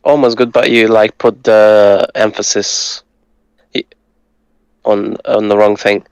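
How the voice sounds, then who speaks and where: A man who speaks Hungarian natively, patiently tutoring and breaking words down slowly, with some hesitant fillers. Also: fairly low pitch, little pitch movement, clear, resonant tone, no echo, lo-fi sound. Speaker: language tutor. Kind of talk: casual language lesson.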